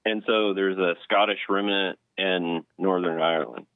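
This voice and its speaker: A man from North Texas calling in to a talk show, speaking in an unhurried, hesitant way with many pauses. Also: sits low, steady tone, no echo. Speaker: caller. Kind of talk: casual call-in chat. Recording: tinny phone line.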